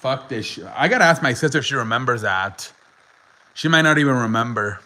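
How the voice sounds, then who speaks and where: Bright-voiced young man telling a story. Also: mid-range voice, expressive, a little fast, rough recording. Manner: laughing often, swearing, many "like" fillers. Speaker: podcast host. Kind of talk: casual storytelling chat.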